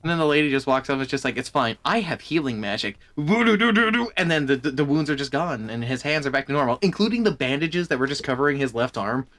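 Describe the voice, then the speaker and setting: A man streaming and chatting casually, in an animated, exasperated way with plenty of swearing. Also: medium pitch, quick pace, hardly any pauses. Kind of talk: casual chat.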